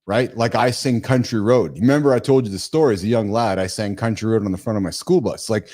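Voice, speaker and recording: A man's voice: lowish voice, fast, few pauses, darkish tone. A man hosting a live morning show, teasing and blunt, often repeating words as he talks. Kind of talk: casual live show chat.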